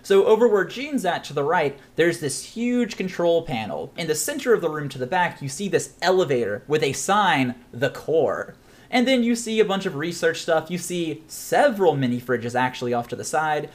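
A man running a choose-your-own-adventure game as game master for a podcast, animated and often laughing as he narrates. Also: a little high, moderate pace, few pauses. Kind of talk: narrating a tabletop role-playing podcast.

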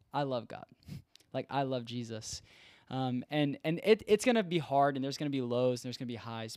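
A man's voice: medium pitch, darkish tone, no room sound, studio quality. A young man, a former intern who works with college students, talking earnestly in casual podcast chat and acting out bits of dialogue. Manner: earnest, conversational, reenacts dialogue. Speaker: former intern, campus ministry worker.

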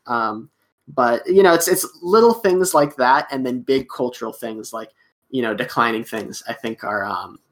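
An American man talks through a point in relaxed podcast chat, stepping into little voices for the people in his examples. His voice sits at an ordinary middle pitch, loose and unhurried, dotted with "um" and "like.". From United States. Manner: explanatory, acts out little dialogues, many fillers. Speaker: podcast guest. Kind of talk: casual chat.

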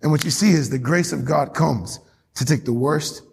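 A man preaching a sermon as pastor, animated, laughing often and pushing his voice up for emphasis. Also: on the high side, normal speed, creaky, husky. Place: church sanctuary. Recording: long hall reverb.

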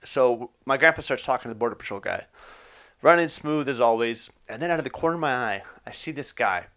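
A man's voice: mid-range voice, expressive, fairly quick, a bit bright. A man telling a personal story in a casual, profane way, with fillers and laughter.

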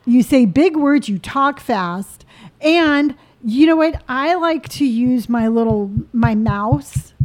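A woman's voice: high voice, animated, takes it slowly, darkish tone. A middle-aged mother chatting playfully on a family podcast and laughing often. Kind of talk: casual family chat.

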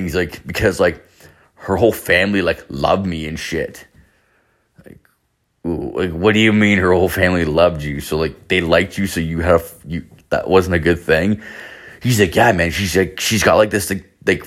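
A man's voice: deep voice, a bit bright. A young man telling a rambling, profane story in a casual monologue, full of filler words and acted-out quotes from friends. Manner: acts out quoted friends in his own voice. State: hungover.

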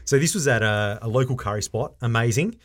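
A man co-hosting a podcast in casual chat, animated and laughing often as he acts out quotes. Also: medium pitch, brisk. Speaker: podcast co-host.

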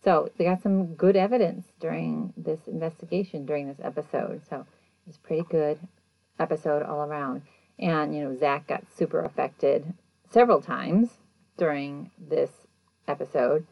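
Low-voiced chatty woman podcaster. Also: normal speed, creaky, dry recording, lo-fi sound. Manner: chatty, animated retelling with quoted voices. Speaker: podcast host. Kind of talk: casual episode recap.

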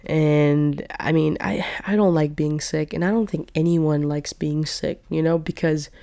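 A woman's voice: low voice, steady tone, measured pace, vocal fry, mellow. A woman in her twenties hosting her own podcast in a casual, rambling way, still a little sick, filling her talk with "like" and "you know.". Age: 20s. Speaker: podcast host. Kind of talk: casual solo podcast chat. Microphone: podcast microphone.

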